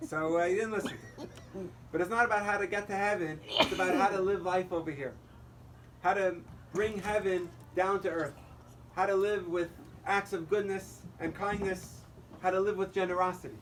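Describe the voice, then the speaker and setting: A man's voice: high-pitched, fairly even intonation, normal speed, far from the mic, background noise. A male rabbi giving a holiday sermon, telling a joke as a story and acting out the dialogue. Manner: storytelling, quoting characters in dialogue.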